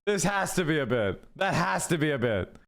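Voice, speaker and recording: A man's voice: on the high side, sing-song, normal speed, vocal fry, heavy background noise. A man streaming live, reacting to clips with sarcastic, profane commentary for his chat.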